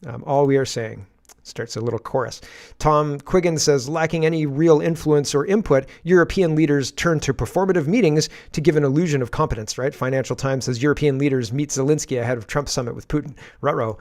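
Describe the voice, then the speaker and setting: A man's voice: on the high side, brisk, darkish tone. A man hosting a daily political commentary livestream, reading posts aloud with sarcastic asides and frequent laughs.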